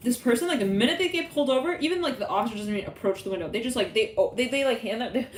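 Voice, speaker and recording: A woman's voice: fairly high pitch, lively intonation, very fast, roomy sound, slight background noise. A woman giving a casual tarot reading, rambling and laughing often as she acts out imagined conversations. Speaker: tarot reader.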